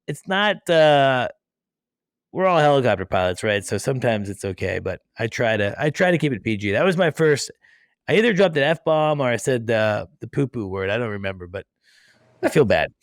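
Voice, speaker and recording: A man's voice: mid-range voice, sing-song, normal speed, no room sound, studio quality. A man hosting a podcast, chatting casually in a rambling, self-deprecating way. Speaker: podcast host. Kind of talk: casual interview chat.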